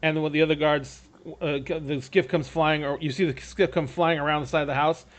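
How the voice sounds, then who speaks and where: A man's voice: fairly high pitch, steady tone, fairly quick. A man running a tabletop game as game master, describing scenes in a rambling way with frequent restarts.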